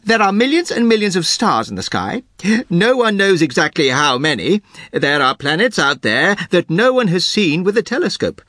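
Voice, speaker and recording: A man's voice: high voice, sing-song, normal speed, bright, forceful tone, no echo, clean studio sound, heavily acted. A man voicing an earnest, wordy male doctor sidekick inside a joke. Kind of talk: acted quote in a joke.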